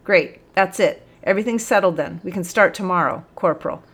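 A woman voicing a bossy male police sergeant who bellows slow, drawn-out commands in a storybook reading. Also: on the low side, fairly bright tone, slightly rough. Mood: brisk.

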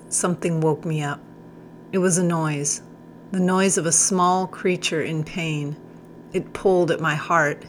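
A woman giving gentle first-person narration of an audiobook story, dropping to a hush at times. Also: low voice, slight background noise.

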